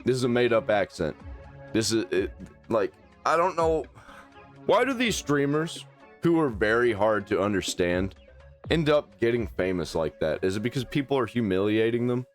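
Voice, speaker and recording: A man's voice: mid-range voice, very animated, normal speed, faint music behind. A man reacting to clips in blunt, profane, exasperated commentary.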